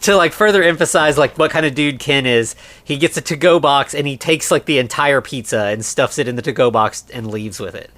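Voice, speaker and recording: A man's voice: medium pitch, a little fast, few pauses, a bit bright. A man co-hosting a podcast in a casual chat, recapping a film in a rambling way with lots of fillers and acted-out quotes. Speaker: podcast co-host.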